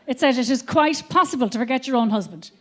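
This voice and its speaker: A woman's voice: high voice, fast, slight background noise. A woman in her fifties telling brash, profane stories as a stand-up comedian on a theatre stage. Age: 50s. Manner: brash, profane, animated storytelling. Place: theatre stage before an audience.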